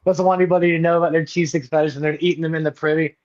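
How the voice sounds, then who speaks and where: A man's voice: rapid-fire, muffled recording. A man telling a camping story in casual chat, acting out the people he quotes. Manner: animated, acts out quotes with big pitch jumps. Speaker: podcast guest.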